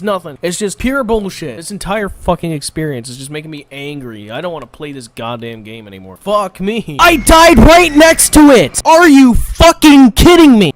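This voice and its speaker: A man yelling furious, profane commentary while playing a video game. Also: fairly high pitch. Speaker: gamer. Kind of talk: raging gameplay commentary.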